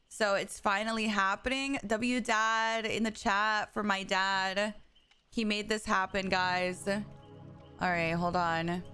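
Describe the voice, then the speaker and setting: A woman livestreaming, chatting casually and excitedly with her viewers. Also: medium pitch. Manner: excitable, chatty, talks straight to her chat. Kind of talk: casual live-stream chat.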